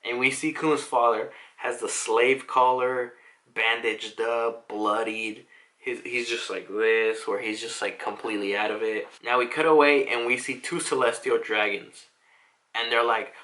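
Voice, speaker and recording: A man's voice: medium pitch, fairly even intonation, unhurried, pushed and bright. A young man casually recapping a manga chapter, chatty and full of "like" fillers, acting out the characters' lines and swearing now and then. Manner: chatty, lots of "like" fillers, acts out quotes.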